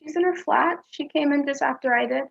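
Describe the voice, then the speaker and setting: A woman's voice: high-pitched, a little fast, vocal fry, muffled recording. A woman playing a small, hurt young boy. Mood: wistful. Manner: plaintive, childlike questioning. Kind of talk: stage play performance.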